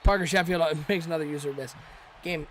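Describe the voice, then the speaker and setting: A man doing chatty, excitable play-by-play commentary for a live stream, joking with viewers in chat. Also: a little high, fast, a little hiss or hum.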